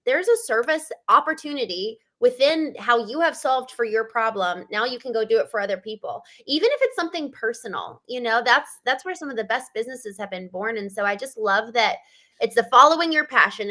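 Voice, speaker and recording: A woman's voice: a little high, bright, forceful tone. A woman hosting an interview podcast, asking questions in an enthusiastic, affirming way. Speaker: podcast host.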